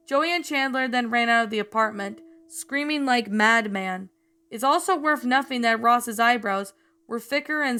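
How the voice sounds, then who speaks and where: A woman's voice: a little high, bright, forceful tone, clear, resonant tone. A woman narrator reading a fan story aloud, often stumbling and restarting words.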